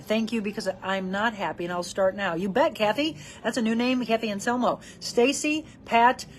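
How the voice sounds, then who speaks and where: A woman's voice: medium pitch, slight background noise. A woman hosting a live self-help show, reading out viewer comments by name and encouraging her audience in an upbeat way.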